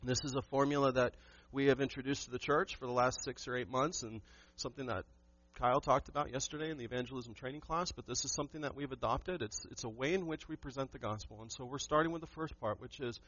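A man's voice: mid-range voice, fairly even intonation, fast, hardly any pauses, a bit bright, highs cut off. A man preaching a sermon to his church, emphatic and asking the congregation questions. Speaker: pastor.

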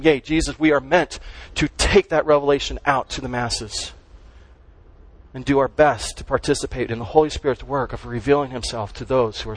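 A man's voice: mid-range voice, no room sound, rough recording. A man preaching a sermon as pastor, stressing and repeating key words as he teaches.

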